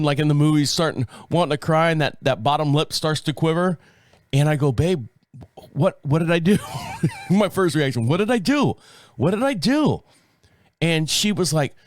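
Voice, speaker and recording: A man's voice: on the high side, no echo, studio quality. A middle-aged man hosting a podcast, telling a casual rambling story with chuckles and repeated phrases. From United States. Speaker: podcast host.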